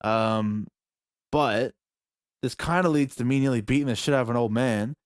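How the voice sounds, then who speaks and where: A young Australian man, a podcast host, telling a story in casual chat, animated and profane, acting out moments with yelps. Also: medium pitch, normal speed, clear, resonant tone, dry recording, studio quality. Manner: animated, profane, acts out scenes with yelps and shouts.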